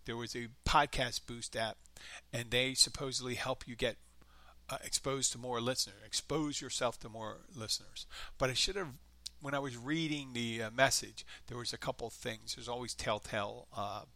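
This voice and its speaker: A man with a light Philadelphia accent hosts his own podcast in a loose, rambling chat, poking fun at himself. His voice is very bright and forward. The sound is dry and close, with no room around it. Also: medium pitch, fairly even intonation, moderate pace, no room sound. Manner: rambling, self-deprecating, chatty. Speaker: podcast host. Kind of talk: casual solo podcast chat.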